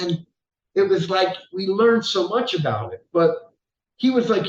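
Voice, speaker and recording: Animated rock singer telling stories, roomy sound. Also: male voice, high-pitched, moderate pace, muffled recording. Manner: animated, laughs often, swears casually. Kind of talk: casual storytelling interview. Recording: roomy echo.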